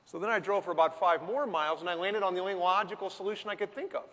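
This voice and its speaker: A man telling a story as a business speaker, lively, with dramatic pauses. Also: sits high. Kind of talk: storytelling talk. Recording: long hall reverb.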